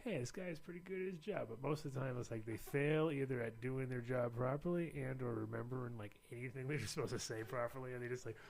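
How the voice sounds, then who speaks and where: A gravelly-voiced American man hosting a casual talk show, rambling loosely and laughing as he tells his stories. His voice sits in a middling pitch, with a faint hum of noise behind him. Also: a little mellow. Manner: rambling storyteller, quick to laugh. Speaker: show host. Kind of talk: casual chat.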